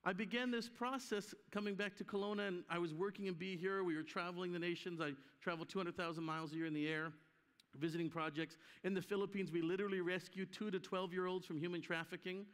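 A man's voice: sits high, quick pace, clean tone. A man from Canada telling stories in a sermon at a church conference, acting out the voices of people he quotes. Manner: animated, acts out quoted voices. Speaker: conference speaker. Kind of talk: storytelling sermon. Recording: echoey hall reverb.

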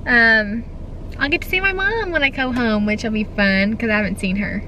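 A young woman, chatting excitedly in a casual vlog, says "like" a lot. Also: a little high, normal speed, a little hiss or hum, low-quality recording. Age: young adult. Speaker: vlogger. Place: in and around a car, partly outdoors in wind.

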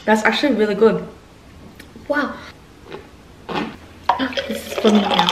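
A woman's voice: medium pitch, a little slow, long pauses, noisy background. A young woman vlogging at home in her kitchen, talking candidly and giggling between thoughts. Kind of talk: casual vlog chat. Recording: echoey room.

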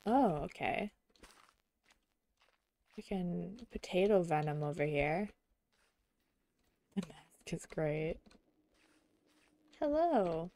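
A young adult woman streaming a video game, chatting casually and giggling, often murmuring quietly to herself. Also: lowish voice, slow, gravelly, long pauses. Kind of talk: casual gameplay chat.

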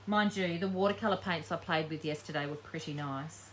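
A woman's voice: sits low, a little fast, a bit bright, slight background noise. A woman giving a live painting tutorial, chatting casually and thinking aloud as she works. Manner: chatty, thinking aloud while working, frequent ums. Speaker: craft demonstrator.

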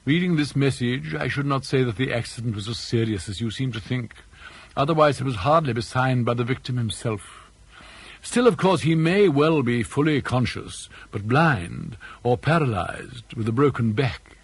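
A man's voice: medium pitch, expressive, gravelly, breathy edge. A man voicing an elderly English father who is dry, mischievous and mock-courteous, with an arch, ironic manner. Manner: arch, ironic, drawn-out emphasis.

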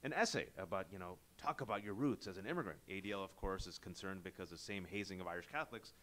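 A man interviewing an author at a live bookstore event, talking in a lively conversational way with joking asides and quick digressions. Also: deep voice.

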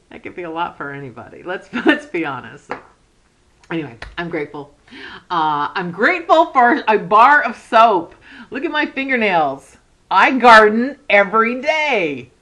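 A woman's voice: medium pitch, expressive, a little slow, bright, forceful tone, rough recording. A middle-aged woman talks to her viewers from home in an easy, chatty vlog. She gushes and rambles, breaks off mid-sentence to start over, and laughs along the way. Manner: gushing, rambling, restarts sentences, laughs often. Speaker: cross-stitch vlogger.

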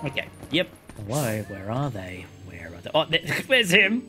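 A man hosting a gameplay video, talking in an excitable, rambling way. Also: mid-range voice, moderate pace, hardly any pauses. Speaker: let's play host. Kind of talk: gameplay commentary. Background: game music.

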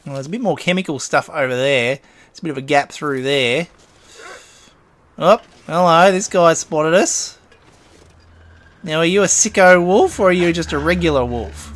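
A man talks his way through a survival game in a fairly high-pitched voice. He chats casually, chuckles often, and gets flustered when danger hits. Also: normal speed, pauses often, fairly bright tone. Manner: chatty, chuckling, flustered under pressure. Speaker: gaming channel host. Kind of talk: let's play commentary.

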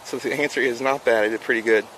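A man's voice: mid-range voice, fairly even intonation, fast, fairly bright tone, a little hiss or hum. A man hosting a fishing livestream, chatting casually with viewers while he works. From South Florida. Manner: upbeat, chatty, talks to chat while working. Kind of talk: casual live-stream instruction. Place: outdoors.

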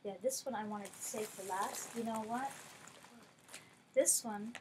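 A woman unboxing gifts in a casual vlog, gushing over each one and dropping to a softer tone when she explains. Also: fairly high pitch, measured pace, background noise. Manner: gushing, effusive. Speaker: vlogger.

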